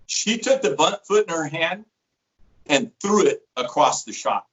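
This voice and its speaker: In a relaxed interview, a middle-aged man who works in sales spins stories, describes products, and performs the quoted voices with gusto. He speaks at a measured pace in a slightly high voice. The audio sounds muffled.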